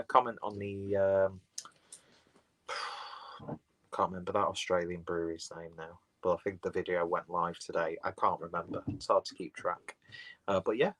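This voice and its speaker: Rambling low-voiced man on a live stream. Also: rough recording. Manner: rambling, chatty, reads out viewer comments. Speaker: beer reviewer live-streaming. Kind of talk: casual live-stream chat. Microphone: phone.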